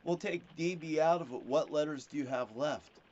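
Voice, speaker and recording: A man's voice: fairly high pitch, moderate pace, a little mellow. Aggrieved man ranting alone on camera, cursing nonstop and jumping between topics; muffled lo-fi recording. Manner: profane, swears constantly; rambling, jumps between topics. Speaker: self-proclaimed prophet. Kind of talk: rambling ranting monologue. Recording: dull lo-fi recording with faint hiss.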